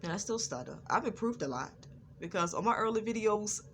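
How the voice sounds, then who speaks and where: A woman's voice: medium pitch, expressive, brisk, a bit bright, slight background noise. A woman vlogger talking to her viewers, stuttering at times and repeating words and phrases in an earnest, preachy way. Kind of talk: personal talk to camera.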